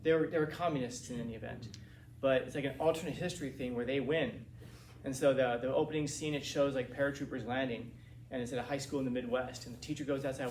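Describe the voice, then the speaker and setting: A man in his forties, a teacher, lecturing a class in a rambling, animated way with many restarts. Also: medium pitch, quick pace. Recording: roomy classroom from a distance, faint hiss.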